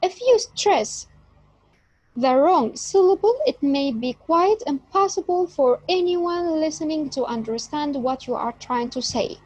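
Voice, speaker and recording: A woman teaching an English lesson, speaking deliberately and stressing key words. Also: high-pitched, expressive, a little mellow, no room sound, poor audio. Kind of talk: slow explanatory lesson.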